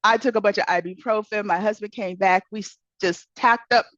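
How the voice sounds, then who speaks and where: A woman's voice: medium pitch, fairly even intonation, fairly quick, fairly bright tone, no echo, lo-fi sound. A woman who is a self-help author and coach, giving an earnest, encouraging motivational talk and repeating key words for emphasis.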